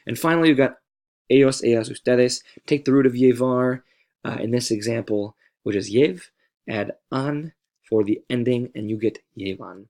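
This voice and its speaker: A man narrates a video lesson as a Spanish teacher, patient and careful. He repeats key words to stress their sound. His voice has a gravelly edge at a middle pitch. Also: normal speed, darkish tone.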